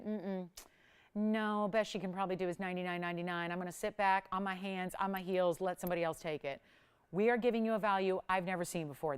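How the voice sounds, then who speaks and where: A woman hosting a live jewelry shopping show, pitching with energy and counting prices down urgently. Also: clean tone. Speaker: shopping channel host. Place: studio.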